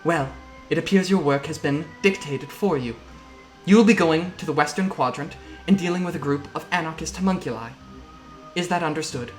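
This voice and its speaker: A man voicing a polite, scheming female AI matriarch who speaks in a genteel, measured way. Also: on the high side, faint music behind, lightly acted. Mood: stern.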